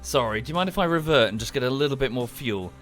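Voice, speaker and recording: A man talks his way through a game on a livestream, dry and self-deprecating, muttering half to himself. His pitch rises and falls a lot as he talks. Faint game music plays behind him. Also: lively intonation, quick pace, fairly bright tone. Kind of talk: casual gameplay commentary.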